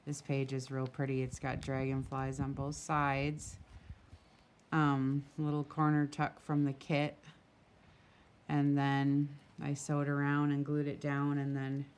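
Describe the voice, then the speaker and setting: A woman's voice: very deep voice, monotone, slow pace, a little mellow, clear, resonant tone. A woman who runs a craft shop, casually chatting as she flips through a handmade journal, gushing and full of small asides, recorded outdoors in a breeze on a camera mic.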